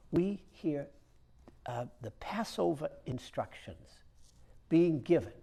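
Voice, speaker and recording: This Catholic priest's voice is fairly high and warm as he gives a conversational homily, weaving in stories amid frequent hesitant pauses.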